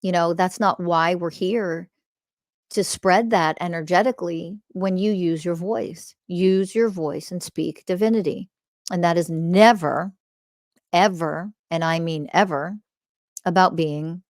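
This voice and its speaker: A woman with a lowish voice preaches on her own podcast, fiery and blunt, dropping curses for emphasis and laughing along the way. The sound is dry and close to the mic. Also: a little slow, darkish tone, no echo. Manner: impassioned, preachy, swears for emphasis, laughs often. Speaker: podcast host. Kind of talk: spiritual monologue.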